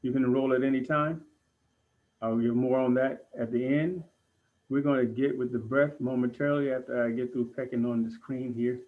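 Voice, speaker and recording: Male breathwork instructor, measured guiding delivery, mid-range voice, muffled stream sound. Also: mid-range voice. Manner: calm, deliberate instruction with pauses. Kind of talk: guided breathing lesson.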